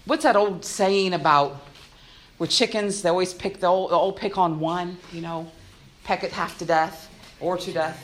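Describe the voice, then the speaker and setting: A woman's voice: fairly low pitch, moderate pace, a little hiss or hum. A woman giving a church youth-group talk, acting out little voices as she goes. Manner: animated, acts out little voices. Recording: echoey room.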